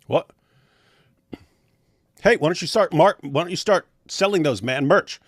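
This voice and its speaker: A man's voice: on the high side, animated, measured pace, dry recording. Sex: man. Role: show host. Style: dry-sounding casual livestream chat, jokey and rambling. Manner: jokey and rambling, breaks into silly voices.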